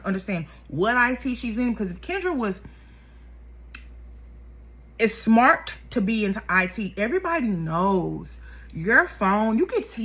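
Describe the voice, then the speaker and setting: Bright, sassy woman commentator. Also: a little high. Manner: animated, sassy, frequent outbursts. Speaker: YouTube commentator. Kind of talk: casual reaction commentary.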